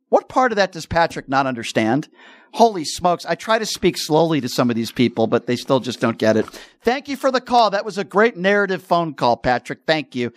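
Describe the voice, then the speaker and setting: A man's voice: sits high, big pitch swings, moderate pace, fairly bright tone, no echo, clean studio sound. A man hosting a call-in radio talk show, combative and talking over his callers.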